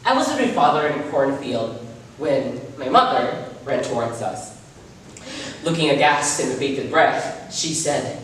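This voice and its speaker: A man's voice: fairly high pitch, big pitch swings, measured pace, fairly bright tone, slight background noise. A young man with a Filipino accent performing a dramatic monologue in a theatrical, emotive way. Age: young adult. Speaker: student contestant. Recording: echoey room, distant mic, faint ambience.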